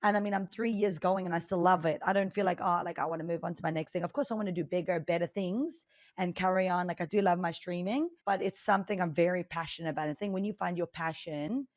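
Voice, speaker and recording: A woman's voice: quick pace, no echo. Chatty woman with a South African-Australian accent. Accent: South African mixed with Australian. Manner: chatty, high energy, animated storytelling. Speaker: podcast guest, game streamer. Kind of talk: casual interview talk.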